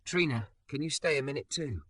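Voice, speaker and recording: A man voicing a quiet, protective dishwasher who speaks calmly, gently but firmly. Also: mid-range voice, brisk, far from the mic, pitched above the performer's own voice. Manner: calm, even, gentle but firm.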